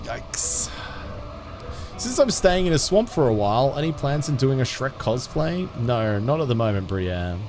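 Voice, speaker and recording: Faint music plays behind a man who chats with viewers during a game stream. His voice is medium-pitched, very animated and a little mellow. He's relaxed and rambling, with frequent restarts and quick bursts of laughter.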